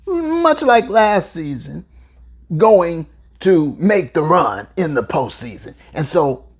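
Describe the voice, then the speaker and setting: Host, female: husky, unhurried, lively pitch; emphatic sports commentator with playful asides. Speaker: podcast host. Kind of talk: solo sports talk commentary.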